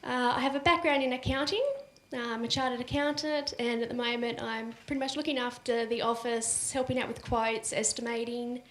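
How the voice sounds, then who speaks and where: A woman's voice: a little high, steady tone, fairly quick, fairly bright tone. A nervous woman introducing herself to a workshop group, hesitant and full of fillers. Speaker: workshop participant. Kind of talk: self-introduction. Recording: echoey room with faint noise.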